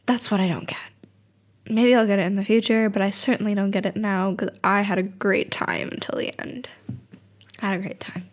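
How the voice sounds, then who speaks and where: A young woman vlogging casually, rambling softly and sometimes dropping to a whisper. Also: mid-range voice, little pitch movement, brisk. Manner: soft, rambling, drifts into whispers. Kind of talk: casual late-night vlog chat.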